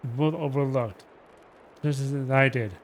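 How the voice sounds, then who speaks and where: A man reading a novel aloud on a livestream, dramatic and slow with shifting emphasis. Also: mid-range voice, fairly even intonation, a little hiss or hum. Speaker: reader.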